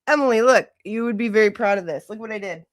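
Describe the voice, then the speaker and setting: A woman hosting a casual livestream, gushing and excitable, gasping and laughing often. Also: medium pitch, fast, dry recording, clean studio sound. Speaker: livestream host.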